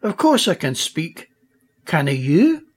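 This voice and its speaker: A man's voice: fairly high pitch, huge pitch swings, husky, heavily acted. Man putting on a brusque Scottish chieftain. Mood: hearty. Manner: proud, brisk, aloof. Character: burly Scottish Highland chieftain egg.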